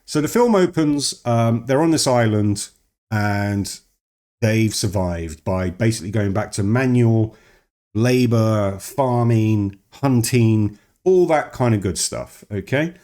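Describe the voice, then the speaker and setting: Dude rambling through a film review, trails off, restarts, digresses a lot. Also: male voice, lowish voice, animated, a little slow, mellow. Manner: rambling, digressive, self-interrupting. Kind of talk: casual chat.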